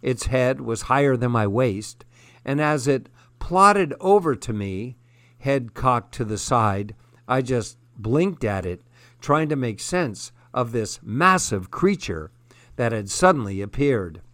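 A man narrating a first-person story in a measured, steady way. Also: mid-range voice, no room sound. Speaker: audiobook narrator.

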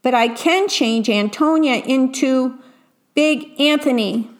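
A level-headed young apprentice witch who speaks with calm good sense and a hint of sternness , as a woman reading aloud plays her. A somewhat high, clear storybook voice. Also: slow. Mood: sensible. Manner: calm, sensible, a little stern. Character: clever, sensible young apprentice witch girl.

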